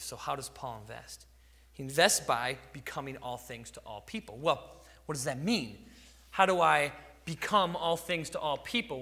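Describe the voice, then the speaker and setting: A man's voice: on the high side, vocal fry, pushed and bright, long reverb tail. A man preaching a sermon, acting out little dialogues and chuckling now and then. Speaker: pastor.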